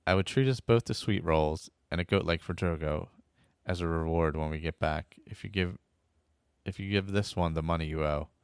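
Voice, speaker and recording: A man's voice: low voice, moderate pace, smooth, dry recording, studio quality. A man voicing a cheerful, chatty male cat-folk companion in a fan-made audio story, who speaks of himself as "this one".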